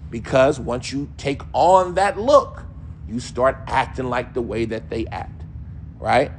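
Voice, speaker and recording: Male religious teacher, conversational and animated, playful mimicry, light ambient noise. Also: mid-range voice, takes it slowly. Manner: casual, animated, mimics accents and voices. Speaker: Islamic teacher. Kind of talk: religious lesson.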